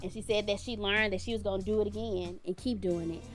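An outspoken woman talking through her views in a relaxed, blunt way, with the odd swear word. Her voice sits at an ordinary middle pitch. Faint music plays softly under her. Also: quick pace. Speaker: podcast co-host. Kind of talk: casual commentary chat.

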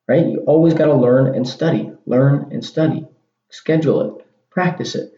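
A man's voice: medium pitch, moderate pace, warm tone. A man hosting a casual solo podcast, talking in a rambling way and often repeating and restarting his words. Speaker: podcast host. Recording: dull lo-fi sound in an echoey room.

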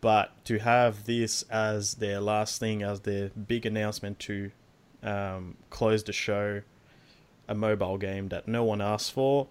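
A young man hosting a casual gaming podcast, swearing freely and slowing down to read out his list. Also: lowish voice, level tone, smooth. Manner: laid-back, swears freely, slows down to read out list items. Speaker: podcast host.

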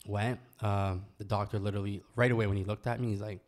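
A man's voice: fairly low pitch, fairly even intonation, fast talker. A young man from Canada telling a personal story in casual podcast chat, loose and full of slang and swearing. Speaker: guest telling his story.

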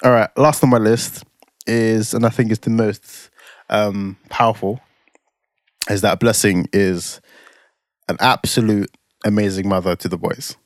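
A man's voice: on the low side, fairly even intonation, a little slow, long pauses, dry recording. A man, co-hosting a casual podcast with joking, dry, teasing humour. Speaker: podcast co-host. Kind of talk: casual chat.

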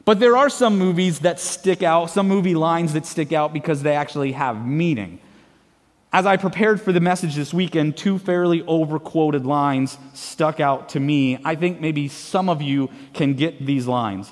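Male pastor, fairly high voice, sermon in a big echoing church, playful call-and-response. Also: normal speed. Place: church sanctuary. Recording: long hall reverb of a church.

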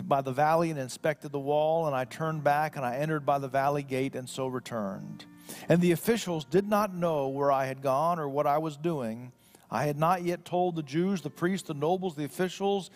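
A man preaching a sermon. He reads scripture slowly and solemnly, then talks in a conversational way with restarts. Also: on the high side. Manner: slow solemn scripture reading. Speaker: pastor.

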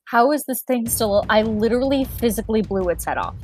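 A woman's voice: on the high side, expressive, a little fast, a little mellow, soft background music. A woman playing in a tabletop game, talking casually and hesitantly, with many trailing fillers. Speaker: player.

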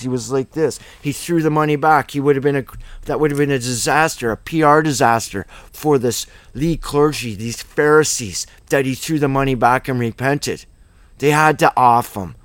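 A man's voice: medium pitch, no echo. A man teaching a Bible study in an informal, rambling, emphatic way, full of asides and rhetorical questions.

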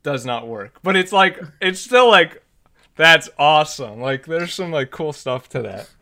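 A man co-hosting a podcast, casually recapping a film plot with lots of fillers and quick acted-out character lines. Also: fairly high pitch. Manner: animated, many fillers, acts out characters' lines. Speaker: podcast co-host.

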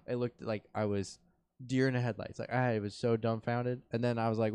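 A man chatting as a podcast guest, telling stories in a lively way and acting out what he and others said. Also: mid-range voice, a little fast, clear, resonant tone, no room sound. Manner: animated storyteller, acts out his own lines. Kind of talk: casual chat.

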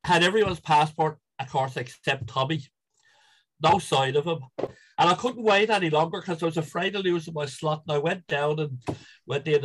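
A middle-aged Irish man, a guest and football supporter, tells stories in casual chat, rambling with lots of restarts and chuckles. His voice is medium in pitch with a fairly bright tone, and the recording quality is low.

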